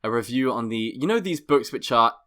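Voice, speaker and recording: Young british guy cohosting a comedy podcast, bright voice, jokey and quick. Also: medium pitch, lively intonation. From Britain. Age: young adult. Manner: playful, reads reviews aloud, quick asides. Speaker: podcast co-host. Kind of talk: casual comedic chat.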